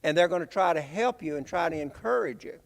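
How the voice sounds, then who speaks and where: Gravelly preacher in a church. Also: male voice, fairly high pitch, animated. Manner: halting, repeats words, conversational. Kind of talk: bible class sermon. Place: church sanctuary. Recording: reverberant church hall.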